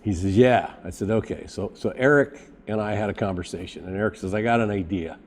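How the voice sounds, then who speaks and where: Low, mellow-voiced man telling a story. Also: a little fast. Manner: animated storyteller acting out quoted dialogue. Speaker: podcast guest, custom bike builder. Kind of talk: casual storytelling.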